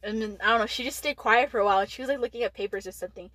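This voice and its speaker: A woman's voice: fairly high pitch, very fast, a bit bright, dry recording, poor audio. A teenage girl from Texas telling a school story in casual chat, rambling with lots of "like" and frequent swearing. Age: late teens. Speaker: podcast co-host.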